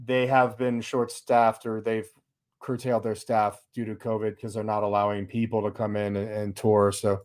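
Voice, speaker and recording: A man's voice: lowish voice, little pitch movement, moderate pace, darkish tone. A man hosting a live stream in casual chat, reading viewer comments aloud in a loose, sarcastic way and laughing along.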